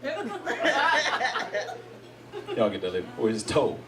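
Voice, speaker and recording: Animated male stand-up comic on stage. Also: lowish voice, slow pace. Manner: animated, acts out quoted voices, laughs along with the crowd. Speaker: stand-up comedian. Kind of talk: live stand-up comedy. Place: comedy stage before a live audience. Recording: distant mic with loud audience laughter. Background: audience laughing.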